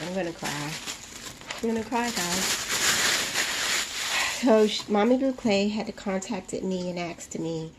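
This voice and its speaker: A woman talks slowly through a casual unboxing vlog from her room at home. Her speech is drawn out, with breathy exclamations as she gushes. Steady household noise runs beneath her voice. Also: fairly low pitch, rough recording. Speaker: vlogger.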